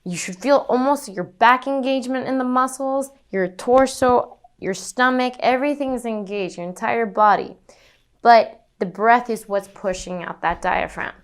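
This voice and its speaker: A woman's voice: fairly high pitch, moderate pace. A young woman giving a singing lesson, explaining breathing exercises and demonstrating them. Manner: instructive, demonstrates breathing and panted notes. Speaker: singing teacher.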